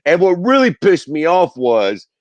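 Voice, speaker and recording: A man's voice: fairly high pitch, big pitch swings, unhurried, dry recording. Blunt, swearing man on a dull, dry mic. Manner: blunt, heavily profane, dismissive. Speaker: podcast co-host. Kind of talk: casual podcast chat.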